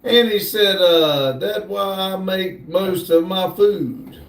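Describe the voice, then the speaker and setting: A man hosting a casual livestream, slowly reading viewer comments aloud in a drawl. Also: sits high. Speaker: livestream host reading chat. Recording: echoey room, distant mic.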